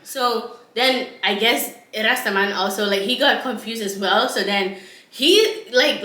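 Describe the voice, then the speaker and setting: A woman vlogger telling a story in a casual, animated way, often laughing and repeating lines for effect. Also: a little high, roomy sound.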